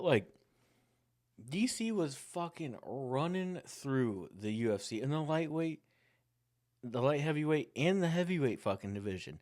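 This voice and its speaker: A man's voice: a little high, darkish tone. A young man hosting a casual sports talk show, ranting in a heated, profane, rambling way and getting worked up. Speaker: podcast host.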